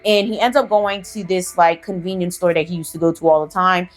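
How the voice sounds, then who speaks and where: A woman's voice: lowish voice, fairly even intonation, fairly quick, faint music behind. A woman hosting a casual spooky storytime, chatty and profane, full of fillers and asides. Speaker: storyteller, channel host.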